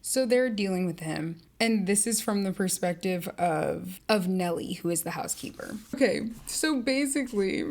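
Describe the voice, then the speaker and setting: A woman's voice: medium pitch, lively intonation, normal speed, hardly any pauses, a little mellow. A young adult woman hosting a podcast, talking casually and animatedly about a book and its film, full of "like" fillers and loose swearing. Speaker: podcast host. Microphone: camera-recorded podcast.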